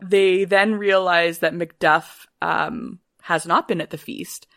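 A woman with a fairly low voice tells a story in a relaxed podcast chat. She is playful and swears freely, and she briefly acts out the characters' lines as she goes. The recording is dry and close to the mic. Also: slow, no echo. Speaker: podcast guest retelling a play.

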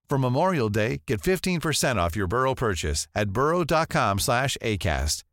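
Guy reading an ad, animated, dead dry recording. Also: medium pitch, dry recording. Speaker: ad reader. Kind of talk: read advertisement.

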